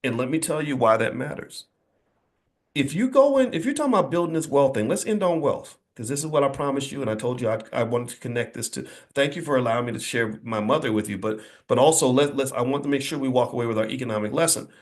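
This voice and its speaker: A man's voice: medium pitch, fast. A middle-aged man giving an emphatic, preachy motivational speech to an audience, telling stories with energy. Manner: preachy, emphatic, animated storytelling. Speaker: speaker addressing an audience.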